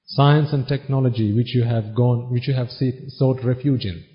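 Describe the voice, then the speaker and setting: A man giving a Buddhist sermon, asking the audience questions and answering them himself, now and then reciting Pali phrases quickly. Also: mid-range voice, steady tone. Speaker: Buddhist preacher. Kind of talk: dharma talk sermon. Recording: dull lo-fi recording.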